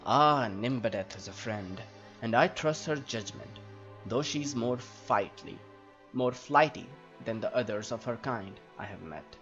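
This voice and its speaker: A man reading aloud the lines of a wary male town guard in a fantasy game, in a gruff, formal manner. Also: mid-range voice, measured pace, a bit bright, voice pushed down. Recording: slightly dull audio, faint game music.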